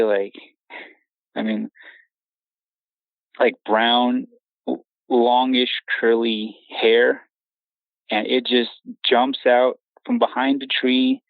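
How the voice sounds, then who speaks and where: A man's voice: mid-range voice, creaky, no echo. A young man telling his own scary encounter story in a rambling way, stumbling over restarts and laughing nervously. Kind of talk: casual storytelling. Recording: tinny phone line.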